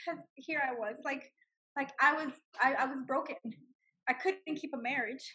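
A woman in her forties telling her personal story with animated emotion, laughing often. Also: high-pitched, moderate pace. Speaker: guest sharing her story. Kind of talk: personal testimony.

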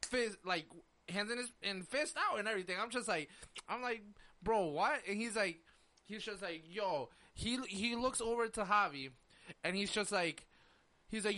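A young podcast host with a high-sitting voice tells a story at normal speed in casual conversation. He's an animated storyteller, acting out quotes and saying "like" constantly.

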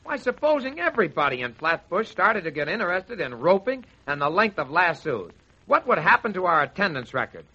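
A man hosting a scripted radio sports question show, trading wisecracks in a gruff joking manner, on a dull lo-fi 1940s radio recording. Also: sits high, big pitch swings, a little fast, bright, forceful tone. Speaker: host.

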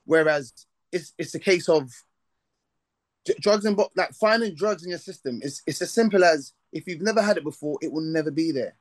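Fast-talking passionate male guest. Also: fairly high pitch, no room sound. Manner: passionate, forceful opinions. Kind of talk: casual panel discussion.

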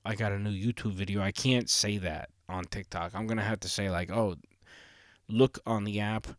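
A man's voice: lowish voice, no room sound, clean studio sound. Rambling, profane man hosting a solo podcast. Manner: rambling, profane, frequent "like" fillers. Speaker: podcast host. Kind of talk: casual solo podcast monologue.

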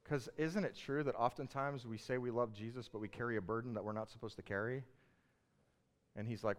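A man's voice: mid-range voice, fairly even intonation, a little fast. A man preaching a sermon, retelling a Bible passage in a casual, storytelling way and building to passionate emphasis. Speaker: pastor.

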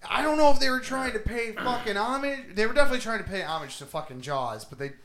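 Animated, swearing man recapping a movie. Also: extremely high pitch, fast, a crowd in the background. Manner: animated, swears a lot, laughs while retelling. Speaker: podcast host. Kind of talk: casual movie recap chat.

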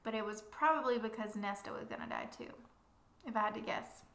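A woman's voice: mid-range voice, brisk, echoey room. A woman chatting casually about a book series, using lots of fillers and reading passages aloud. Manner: chatty, filler-heavy, reads quotes with soft whispers. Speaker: book podcast co-host.

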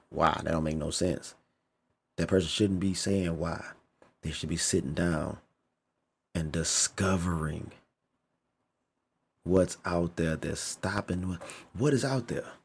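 A man's voice: low-pitched, slightly rough. A man giving a casual, emphatic opinion rant, repeating himself for stress, using slang and swearing a lot. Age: adult. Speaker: vlogger.

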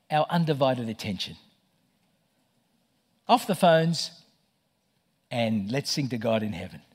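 A middle-aged man preaching a sermon as pastor, telling stories with lively stammered restarts. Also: fairly high pitch. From Australia. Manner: animated storytelling with stammered restarts.

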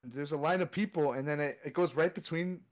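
A man's voice: fairly high pitch, brisk. Rambling young man telling a story. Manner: rambling, repeats "I was like". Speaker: podcast co-host. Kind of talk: casual storytelling chat. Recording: dull lo-fi sound.

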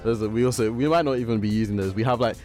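A man's voice: fairly low pitch, very fast, over music. A young man co-hosting a casual podcast in a small studio, talking in a rambling way with many restarts and fillers. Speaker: podcast co-host. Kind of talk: casual chat. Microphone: studio microphone.

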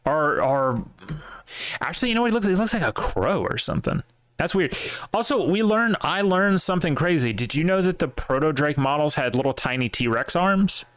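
Lively, opinionated podcast guy. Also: a little high, normal speed, no room sound. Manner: animated, swears casually, opinionated. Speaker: podcast co-host. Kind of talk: casual chat.

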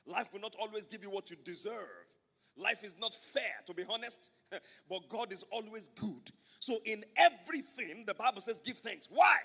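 A pastor preaches to his church in the sanctuary, his high voice creaky, bright, husky and forceful, with a big-room sound. He's emphatic and repetitive, pulling the congregation into call-and-response.

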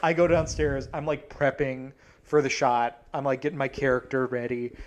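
A man's voice: medium pitch, flat delivery, moderate pace. A man co-hosting a podcast, telling a story in a casual, profane and exasperated way with plenty of swearing. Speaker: podcast co-host.

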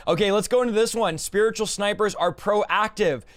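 A man's voice: high voice, moderate pace. A male host talking in a fervent, emphatic preaching style, stacking up repeated declarations. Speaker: show host. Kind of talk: preaching-style talk show chat.

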